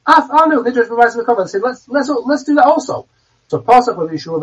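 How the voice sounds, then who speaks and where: A man's voice: high voice, husky. A man teaching a text, reading each phrase aloud and then translating it, often restarting his words. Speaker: Talmud teacher. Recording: distant, dull, muffled recording.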